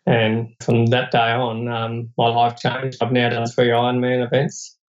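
A man's voice: mid-range voice, completely flat delivery, unhurried, dull audio. Earnest Australian man telling his story. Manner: earnest, reflective, plain-spoken. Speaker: podcast guest. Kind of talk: personal storytelling in an interview.

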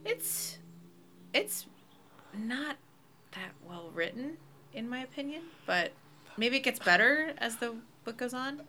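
A woman's voice: fairly high pitch, expressive, slow pace, pauses often, pushed and bright, a little hiss or hum. A woman chatting casually on a podcast, blunt and playful, often laughing.

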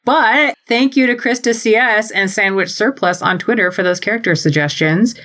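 A woman's voice: medium pitch, moderate pace, a bit bright. A woman co-hosting a podcast in casual, wry chat. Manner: wry, chatty. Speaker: podcast co-host.

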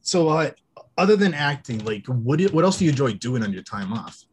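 A man hosting an interview, asking questions in a halting way with many fillers. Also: medium pitch, very animated, breathy edge. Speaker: podcast host.

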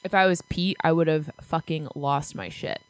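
A woman's voice: deep voice, steady tone, moderate pace, no echo. A woman co-hosting a casual movie review podcast, speaking bluntly and swearing freely. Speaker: podcast co-host.

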